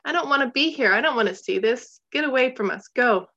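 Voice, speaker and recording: An anguished teenage boy in a storybook, as a woman reads him, shouting in fear and anger. His voice sits a little higher than her narration. The recording is slightly muffled. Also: expressive, moderate pace. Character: frightened, angry teenage boy.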